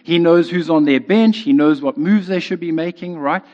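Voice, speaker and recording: Here a male preacher talks at normal speed in a fairly high voice, treating his sermon as a conversation and frequently checking in with "right?" Sound quality is dull and lo-fi, with a hall's long reverb.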